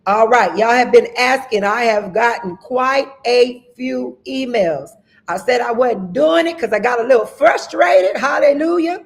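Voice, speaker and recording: A woman minister hosting a livestream, giving announcements in a lively, preacher-like way and greeting viewers by name. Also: on the high side, measured pace. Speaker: host and minister. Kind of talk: livestream announcements and shout-outs.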